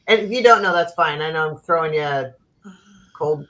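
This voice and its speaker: A woman's voice: deep voice, normal speed, fairly bright tone, low-quality recording. A woman hosting a casual livestream chat over a video call. She laughs often while she tells stories. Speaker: host.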